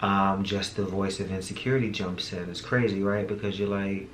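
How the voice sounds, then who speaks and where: A man's voice: sits low, steady tone, moderate pace. A man hosting his own show, talking casually and candidly to his viewers, a bit tired, laughing often and using slang. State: tired, low energy. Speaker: podcast host. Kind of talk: casual solo vlog talk. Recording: echoey room with audible background noise.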